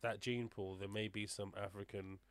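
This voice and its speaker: A man co-hosting a casual podcast chat, relaxed and jokey, musing aloud. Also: lowish voice, moderate pace, no room sound. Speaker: podcast co-host.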